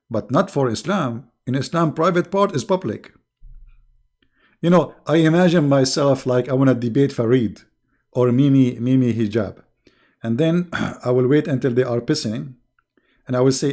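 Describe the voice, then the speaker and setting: Middle-aged guy, sarcastic mocking host, medium pitch. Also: lively intonation, unhurried, long pauses, a little mellow. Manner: sarcastic, mocking, chuckling asides. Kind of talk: casual mocking commentary.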